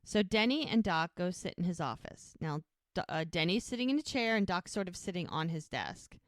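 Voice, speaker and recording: A woman's voice: fairly low pitch, expressive, a little fast, dry recording, clean studio sound. A woman co-hosting a podcast, chattily retelling a TV episode scene by scene with lots of "he's like" and "she goes". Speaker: podcast co-host. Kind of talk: casual TV episode recap.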